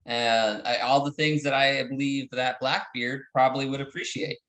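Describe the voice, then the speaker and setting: Jokey male reaction co-host, mid pitch, echoey room. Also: steady tone, moderate pace, a bit bright. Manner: jokey, playful. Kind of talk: casual reaction chat.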